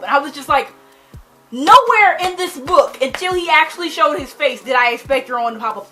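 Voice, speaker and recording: Excitable young woman rambling about books. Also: a little high. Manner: excitable, gushing, lots of fillers. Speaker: book vlogger. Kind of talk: rambling book chat.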